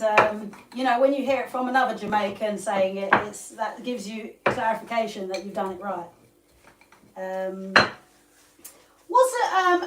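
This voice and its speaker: An English woman from England talks in a bright, high register as she runs a live cooking stream. Her delivery is loose and chatty, full of easy laughter and shout-outs to viewers. Soft clinks of pots and pans sit faintly behind her in a home kitchen. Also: background noise. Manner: chatty, laughs often, greets viewers by name. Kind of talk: casual live-stream chat while cooking. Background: pots and pans clattering faintly.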